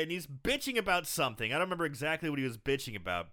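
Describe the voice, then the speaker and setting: A man co-hosting a podcast, recapping a movie in an animated, joking way with free swearing. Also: fairly high pitch, very fast. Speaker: podcast co-host. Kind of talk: casual movie recap chat.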